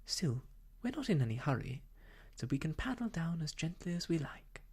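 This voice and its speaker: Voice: mid-range voice, sing-song, moderate pace, darkish tone, slightly rough, pitched above the performer's own voice. A whisperer as an easygoing girl paddler. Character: relaxed English girl on a canoe trip. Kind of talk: whispered role-play.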